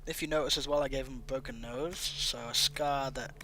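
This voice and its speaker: A man hosting a casual let's-play, chatting in a relaxed, amused way as he builds a character. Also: medium pitch, a little fast, slight background noise. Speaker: gaming channel host. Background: game music.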